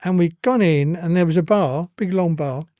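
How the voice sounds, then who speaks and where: A man's voice: a little high, moderate pace, mellow, no room sound, clean studio sound. An older man with an East London accent, telling stories as a podcast guest in a blunt, earthy way and swearing freely. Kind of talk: casual storytelling.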